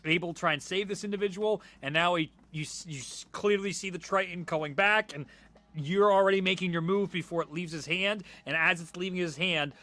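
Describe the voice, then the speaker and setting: A bright, fairly high-voiced young man runs a tabletop game, narrating scenes with animated energy. He jokes with players and swears freely between dramatic beats. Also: brisk. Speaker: game master.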